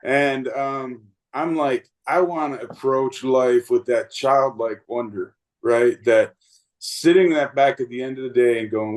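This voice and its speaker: A man's voice: mid-range voice, steady tone, unhurried, low-quality recording. Earnest fifty-something man telling stories. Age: 50s. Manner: earnest, rambling, lots of fillers and restarts. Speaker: guest, baseball umpire. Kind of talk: reflective storytelling interview.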